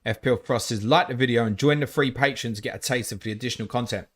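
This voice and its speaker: Talking fast in a mid-range, fairly bright voice, the man running this live fantasy football stream picks questions from chat. His replies are blunt, with swearing tossed in casually.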